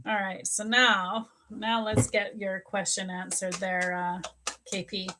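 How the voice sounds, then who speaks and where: Middle-aged woman, psychic medium on a live stream, unhurried delivery, addresses viewers by name, repeats words. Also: medium pitch, level tone, noisy background. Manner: speaks straight to viewers by name, repeats words, laughs often. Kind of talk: live-stream readings answering viewer questions.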